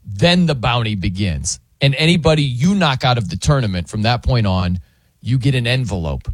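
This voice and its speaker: A man hosting a late-night chat show, playful and animated, often acting out little scenes as he talks. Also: medium pitch, moderate pace, no echo. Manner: playful, animated, acts out scenes in funny voices. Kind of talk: casual chat.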